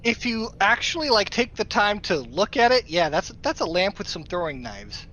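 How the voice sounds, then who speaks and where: A man's voice: sits high, very animated, moderate pace, sharp tone, highs cut off. A man in casual chat, correcting others in a matter-of-fact way.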